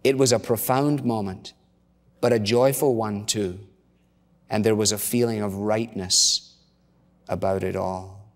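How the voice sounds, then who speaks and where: A man's voice: lowish voice, fairly even intonation, a little slow, long pauses. A middle-aged male pastor preaching a sermon in a conversational, storytelling way with casual asides. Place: church. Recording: long church reverb.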